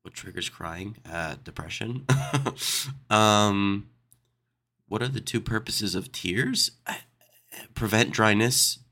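A young man with a low, gravelly voice and a bright, forceful edge hosts a casual solo podcast. He reads questions aloud and answers them with quick sarcastic quips. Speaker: podcast host.

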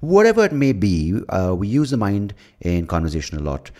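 Deep-voiced male podcast host; loose, meandering solo talk full of fillers and casual swearing, recorded close to the mic. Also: wildly swooping pitch, fairly quick, darkish tone. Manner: rambling, with many fillers and restarts; swears freely. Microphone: leaning in close to the mic.

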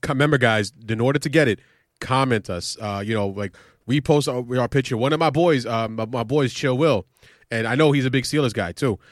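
A man co-hosting a casual sports podcast, an animated storyteller who talks quickly. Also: medium pitch, dry recording, clean studio sound. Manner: animated storyteller, quick, acts out relatives' voices. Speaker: podcast co-host.

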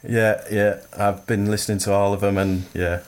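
Low-key male caller on a line. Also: level tone, normal speed, clear, resonant tone. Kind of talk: casual chat.

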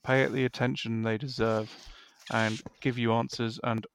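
A man's voice: mid-range voice, level tone, moderate pace, slight background noise. Man hosting a podcast. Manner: steers the show, laughs along. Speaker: podcast host. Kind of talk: casual chat, hosting.

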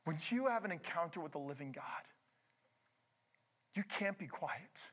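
High-voiced preaching man, dramatic swings. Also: expressive, moderate pace. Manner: dramatic preaching with wide swings between loud emphasis and hushed asides. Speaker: pastor. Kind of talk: sermon.

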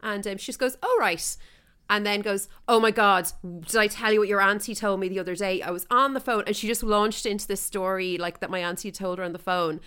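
A woman's voice: medium pitch, steady tone, fast, hardly any pauses, sharp tone, clean tone. An Irish woman hosting a podcast, telling gossipy stories in casual chat with plenty of laughter. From Ireland. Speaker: podcast host.

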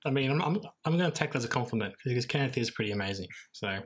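Podcast cohost, mid pitch, thinks out loud with lots of ums. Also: lively intonation, very fast, breathy edge. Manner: thoughtful, hesitant with many ums and restarts. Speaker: podcast co-host. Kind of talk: casual chat.

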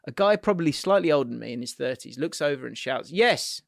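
A man's voice: medium pitch, lively intonation, fast, creaky, dry recording, clean studio sound. Laughing man reading messages. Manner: laughs often, reads listener messages aloud. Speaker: podcast co-host. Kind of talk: casual chat.

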